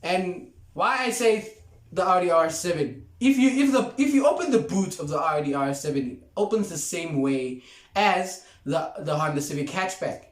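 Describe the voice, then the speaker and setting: A young man chats through a casual car review, hammering his points home by repeating them and laughing along the way. His voice sits slightly high. The room gives a noticeable echo. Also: lively intonation, moderate pace. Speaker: car vlogger. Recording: roomy echo.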